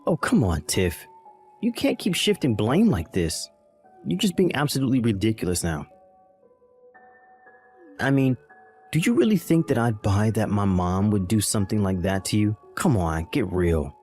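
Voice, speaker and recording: A man's voice: lowish voice, very animated, normal speed, a little mellow, breathy edge, faint music behind. A man voicing a callous young husband in an acted text story, brushing things off with exasperated sighs. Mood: dismissive.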